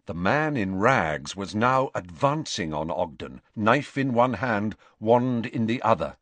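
A man narrating an audiobook in a measured, expressive storytelling voice. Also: fairly low pitch, no room sound. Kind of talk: scripted narration.

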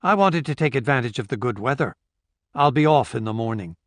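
The narrator plays a courteous guest close to his own voice, measured and reserved. The recording is close and dry. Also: medium pitch, expressive, no echo, lightly acted. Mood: polite.

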